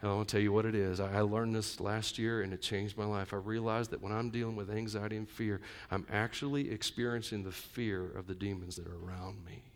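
A male pastor preaching to a live congregation, conversational with joking asides, swinging between loud emphatic lines and quiet intimate ones. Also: on the low side, steady tone, a little fast, hardly any pauses. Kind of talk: sermon.

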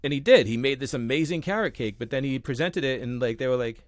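Animated young man, dry close sound. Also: medium pitch, fast talker, few pauses, no room sound. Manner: animated storyteller, acts out quotes, swears casually. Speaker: podcast co-host. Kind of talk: casual podcast chat.

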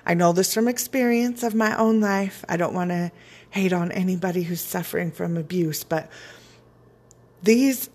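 A woman's voice: lowish voice, normal speed, darkish tone. A woman giving a frank, casual motivational talk. She swears freely and laughs often. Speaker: speaker on personal boundaries.

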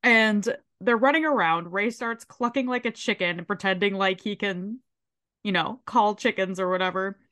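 A woman's voice: mid-range voice, moderate pace. Chatty woman podcast co-host. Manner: animated, swears freely, briefly mimics characters while retelling. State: sore throat. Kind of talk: casual chat recapping a show.

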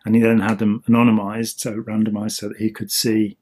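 Husky man explaining casually. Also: fairly low pitch, completely flat delivery, a little fast, a little mellow. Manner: rambling, with many ums and restarts. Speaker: podcast co-host.

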